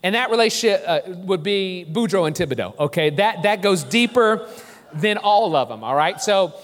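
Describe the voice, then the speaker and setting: A man preaching a sermon as pastor, lively and joking, drawing the congregation in. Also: high voice, moderate pace. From New Orleans. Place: church sanctuary. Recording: long church reverb.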